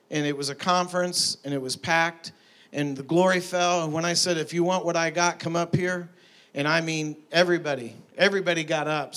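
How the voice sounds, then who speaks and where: A man preaching a sermon, telling stories in a lively way and building to emphatic peaks. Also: fairly high pitch. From Tulsa, Oklahoma. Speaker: pastor. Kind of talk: sermon with storytelling.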